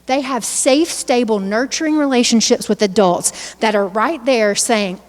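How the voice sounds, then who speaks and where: A woman's voice: a little high, unhurried, few pauses, big-room sound. A woman presenting a live workshop on a handheld microphone, chatty and informal, often asking the audience questions.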